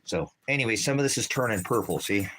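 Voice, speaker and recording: A man's voice: on the low side, lively intonation, fast, a bit bright, slight background noise. A man in a casual outdoor vlog, rambling as he walks through his garden and talks baby-talk to his cats. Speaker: ministry vlogger.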